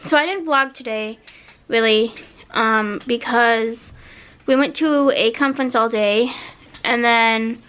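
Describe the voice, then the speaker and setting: A woman's voice: fairly high pitch, slow pace, fairly bright tone, clear, resonant tone, muffled recording. A young woman chatting casually in a vlog from a hotel room, rambling with lots of fillers. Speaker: student vlogger.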